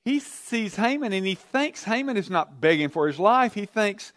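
A man's voice: high voice, sing-song, normal speed, few pauses, fairly bright tone, no room sound, clean studio sound. A man teaching a Bible study, telling the story with energy and asking his class questions.

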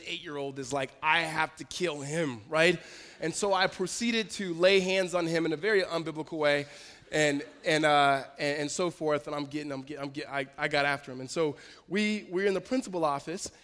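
A male pastor telling a personal story in a sermon, in a lively storytelling manner with quick restarts. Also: a little high. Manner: storytelling, animated, self-interrupting with laughs. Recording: long hall reverb.

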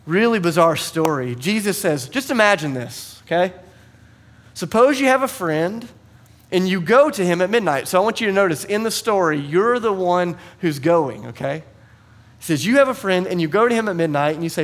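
A man in his thirties preaching a sermon, telling stories and acting out voices in a conversational, animated way. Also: a little high, a little fast. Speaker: pastor. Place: church.

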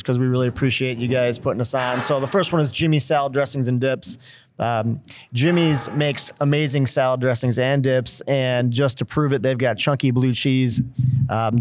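A man from Minnesota co-hosting a podcast, reading sponsor spots in an upbeat, casual way with many fillers. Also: medium pitch. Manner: upbeat, filler-heavy delivery. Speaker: podcast co-host. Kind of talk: casual chat and sponsor reads.

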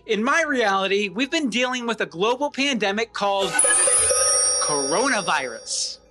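A man's voice: high-pitched, sing-song, normal speed, loud music behind the voice. A man playing a fussy, defensive writer in a comedic audio play. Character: fussy nerdy male writer.

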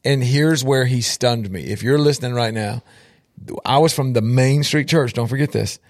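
Man, outreach minister, emphatic storytelling, medium pitch, dry close sound. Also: moderate pace, a little mellow, no room sound. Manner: emphatic, repeats for effect, addresses listeners directly. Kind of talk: storytelling testimony.

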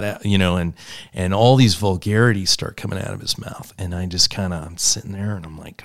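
A man, a pastor, telling stories earnestly in a church conversation and building to loud emphasis. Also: low-pitched, brisk, no echo, studio quality.

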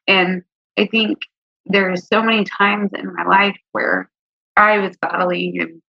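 A woman's voice: mid-range voice, measured pace, gravelly, dry recording. Heartfelt woman guest, dull dry recording. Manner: earnest, heartfelt, emotional. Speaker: interview guest. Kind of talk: sharing a personal faith testimony. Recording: dull, slightly lo-fi, dry sound.

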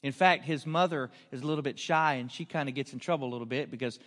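A man's voice: medium pitch, fast talker, a bit bright. A man preaching a storytelling sermon, earnest and building to emphatic questions. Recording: long hall reverb.

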